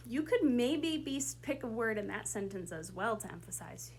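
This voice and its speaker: A woman's voice: a little high, normal speed, hardly any pauses, slightly rough. A woman directing a school play, giving blocking notes to her actors in a casual way full of fillers. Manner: casual and chatty, with many fillers. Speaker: drama director.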